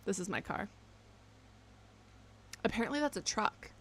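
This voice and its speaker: A woman in her twenties chatting casually to her live-stream audience, rambling and self-mocking, with sudden loud excited bursts. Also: medium pitch, measured pace, a little hiss or hum. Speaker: game streamer. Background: faint background music.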